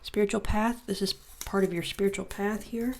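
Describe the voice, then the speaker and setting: A woman's voice: mid-range voice, steady tone, brisk, a little mellow, slight background noise. A woman giving a casual tarot reading, reading card messages aloud and musing and joking between them. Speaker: tarot reader.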